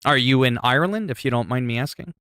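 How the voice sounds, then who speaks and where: A man's voice: mid-range voice, lively intonation, fast talker, a bit bright, no room sound, studio quality. A man chatting casually on a livestream, reacting to chat messages and exclaiming as he talks.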